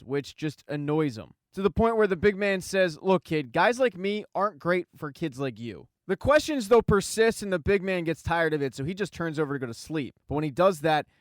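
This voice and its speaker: A man narrating a scripted recap of a show, telling the story briskly and reading quoted lines plainly. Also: a little high, no room sound, clean studio sound. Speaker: recap channel host.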